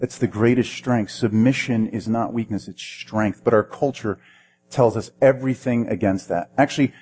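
A man's voice: lowish voice, steady tone, normal speed, darkish tone, slightly rough. A man preaching a sermon in a conversational way, asking the listeners questions and often repeating words as he restarts. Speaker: pastor.

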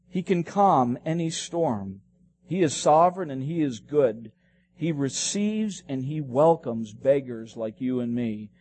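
A man's voice: mid-range voice, a little mellow, no echo. A male preacher delivers an expository sermon, reading scripture and unpacking it. His voice sits in a middle range and swells with emphasis at key moments. The sound is dry and close.

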